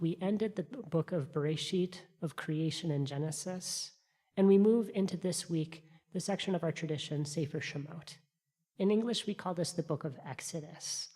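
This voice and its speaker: A rabbi welcoming a congregation in person and online, then giving a short reflection with gentle humor. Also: male voice, fairly high pitch. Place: synagogue sanctuary. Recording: long hall reverb.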